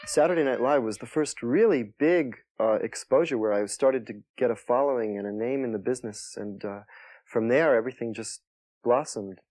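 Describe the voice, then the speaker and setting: A soft-spoken male comedian telling stories in an interview, halting and restarting as he talks. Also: mid-range voice, dry recording. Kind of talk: interview storytelling.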